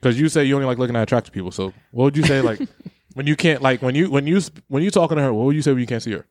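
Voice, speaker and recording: Fast-talking joking podcast host man. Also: mid-range voice, no echo, clean studio sound. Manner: joking, laughs often, profane. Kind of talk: casual banter.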